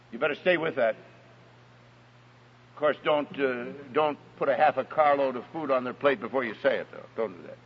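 A man's voice: mid-range voice, normal speed, slightly rough. A man preaching a sermon, emphatic and storytelling, heard as a dull recording in an echoey hall. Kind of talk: sermon on parenting.

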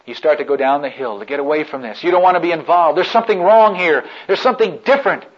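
A man preaches a vivid, story-led sermon in a somewhat high voice. He moves between soft, intimate murmurs and loud, emphatic build-ups. The recording is dull and lo-fi, with little top end. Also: expressive, fast talker.

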